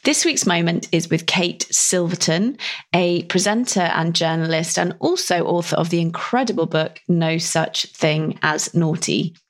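A woman's voice: lowish voice, a little slow. A woman hosting a podcast, reading a short welcoming introduction to the episode. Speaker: podcast host. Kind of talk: scripted introduction.

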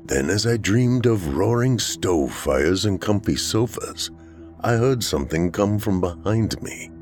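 A man narrates a first-person horror tale from a script, acting out each fearful moment. His voice sits low but moves with lively swings, and faint music plays under him. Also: unhurried. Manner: dramatic, acts out frightened lines.

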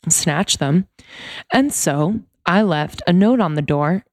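A woman's voice: lowish voice, expressive, slow pace, no echo, studio quality. A woman co-hosting a podcast, telling a story in casual chat and swearing freely. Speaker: podcast co-host.

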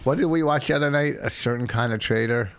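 A man's voice: mid-range voice, quick pace, a little hiss or hum. A man, a comedian, bickering defensively in casual chat and swearing freely, on a close studio mic. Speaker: comedian, co-host.

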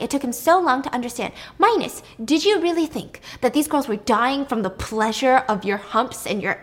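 A woman voicing a scheming, mocking queen who taunts loudly in a high voice. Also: full character voice. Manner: taunting, loud, high-pitched.

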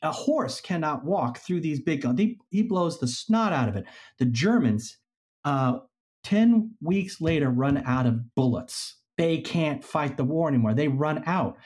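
Speaking a little slowly in a voice on the high side, this podcast guest tells a piece of history in a relaxed manner. He's an animated storyteller who performs the people he quotes.

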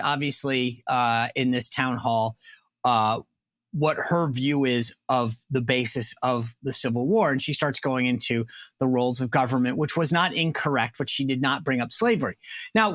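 A man hosting a political talk show, animated and acting out indignant quotes as he argues. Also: medium pitch, moderate pace, no room sound, clean studio sound. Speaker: podcast host.

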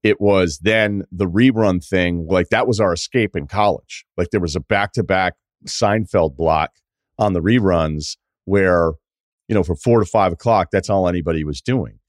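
A man's voice: sits low, moderate pace, no echo, studio quality. A middle-aged man hosting a podcast, chatting casually and giving strong opinions with the odd swear word. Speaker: podcast host. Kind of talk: casual chat.

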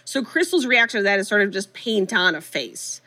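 A woman's voice: medium pitch, animated, pushed and bright, dry recording. A woman co-hosting a podcast live, chattily retelling a movie's plot scene by scene. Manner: chatty, retells scenes with quick quoted voices. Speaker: podcast co-host. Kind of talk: casual movie recap. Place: live show venue.

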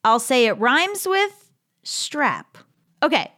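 A woman's voice: sits high, very animated, takes it slowly, sharp tone. A woman in her thirties hosting a podcast, chatting casually and reading listener emails aloud with amused laughs. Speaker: podcast host.

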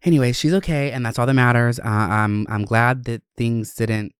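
A young adult man hosting a podcast, telling a story in a casual, animated and dramatic way with plenty of swearing. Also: mid-range voice, moderate pace, clean tone, no room sound, studio quality. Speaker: podcast host.

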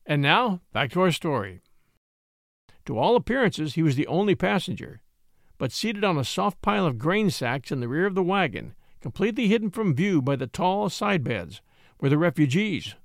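Expressive gravelly male story narrator. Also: fairly high pitch, moderate pace, dry recording, clean studio sound. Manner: expressive, old-fashioned storytelling delivery.

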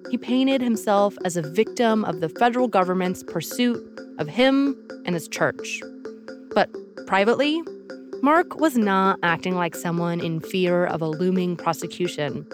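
A woman hosting an investigative podcast, narrating in a measured, serious way. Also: fairly low pitch, over music. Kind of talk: scripted narration.

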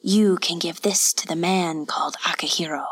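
A woman voicing a cold, ruthless male samurai lord in a whispered role-play, talking in a deadly hush. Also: fairly low pitch, moderate pace, breathy edge. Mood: menacing.

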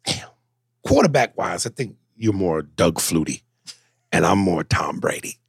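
A man co-hosting a podcast, chatting casually with animated, profane storytelling and reading listener messages aloud. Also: low voice, measured pace, creaky, slightly rough, no room sound, clean studio sound. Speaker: podcast co-host. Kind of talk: casual chat.

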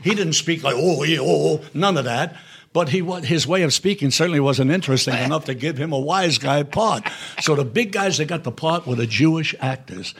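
An older man as a podcast guest, telling blunt, profane anecdotes in an animated, storytelling way. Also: fairly high pitch, fairly quick, husky.

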